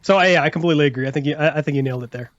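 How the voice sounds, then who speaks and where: A man with a somewhat high voice talks through a casual podcast chat, laughing often and rambling with restarts and fillers. The sound is a little muffled and lo-fi, with a dry, close feel. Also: very fast, a bit bright, no echo. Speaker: podcast host.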